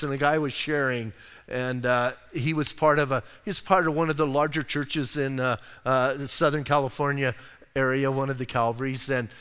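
Pastor with a raised voice, hall reverb. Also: male voice, fairly high pitch, a bit bright, clean tone. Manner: conversational, with rhetorical asides; acts out quoted voices. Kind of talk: sermon.

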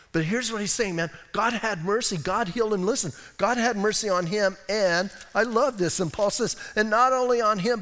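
An American man preaching a sermon as a pastor, expressive, moving between hushed moments and loud, emphatic stretches. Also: high-pitched, big-room sound. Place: church sanctuary.

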